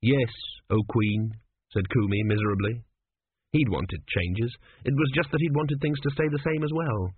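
A man's voice: mid-range voice, moderate pace, breathy edge. A man narrating an audiobook with a dry, wry delivery. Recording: tinny phone-like band, dry.

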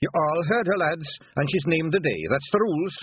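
A man voicing a small, brash male pixie warrior chief with a Scottish accent in a storybook, loud and blustering. The sound is tinny and dry. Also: fairly high pitch, a little fast, breathy edge, no room sound, voice pushed up.

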